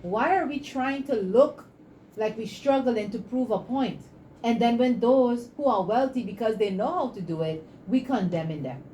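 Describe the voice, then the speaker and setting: A woman, a guest in an interview, telling stories and making her pitch with preachy passion. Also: lively intonation, moderate pace, warm tone, a little hiss or hum, low-quality recording. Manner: passionate, preachy, acts out dialogue. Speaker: entrepreneur guest.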